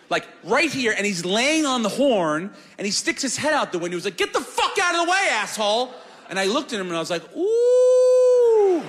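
Man, comic storytelling, animated, profane, lively pitch, reverberant room. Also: a little hiss or hum. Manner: animated, profane, self-mocking. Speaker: storyteller on a podcast.

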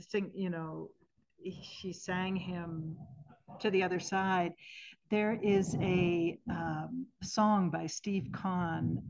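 A woman in her sixties speaks as an interview guest, earnest and reflective, often pausing to rephrase. Her voice sits on the low side. The podcast audio sounds a little dull and muffled. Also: creaky. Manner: thoughtful, earnest, with gentle restarts. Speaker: guest, end-of-life singer.

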